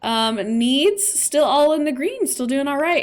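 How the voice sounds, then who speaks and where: A woman's voice: fairly high pitch, big pitch swings, normal speed, few pauses. A woman streamer chatting playfully through casual gameplay commentary. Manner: chatty, playful, with laughs and fillers.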